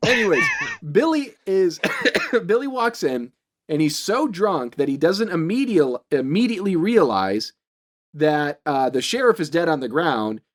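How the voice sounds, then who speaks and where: A man's voice: a little high, big pitch swings, unhurried. A young man co-hosting a podcast, casually recapping a horror movie, swearing and laughing often. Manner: swearing, laughing often, quoting lines in silly voices.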